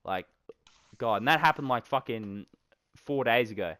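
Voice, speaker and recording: A man's voice: mid-range voice, moderate pace, dry recording. A young man, co-hosting a casual podcast and telling rambling stories full of swearing. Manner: rambling, heavy swearing, animated storytelling. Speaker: podcast co-host. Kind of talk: casual chat.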